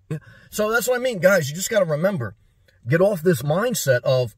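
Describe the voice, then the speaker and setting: A middle-aged man with a husky, slightly high voice delivers a preachy advice monologue to camera. He asks question after question and repeats his points. The sound is dry and close. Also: lively intonation, dry recording. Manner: preachy, rapid rhetorical questions, repeats himself. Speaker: vlogger.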